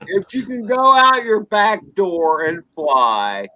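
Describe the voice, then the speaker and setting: A man chatting casually on a live stream, talking slowly and drawn out. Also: sits high, wildly swooping pitch, bright, forceful tone, no echo. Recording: slightly dull sound.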